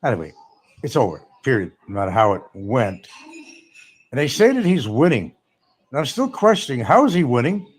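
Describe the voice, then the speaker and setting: A man's voice: medium pitch, very animated, normal speed, pauses often. A man hosting a casual livestream, rambling sarcastically and reading chat comments aloud. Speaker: livestream host.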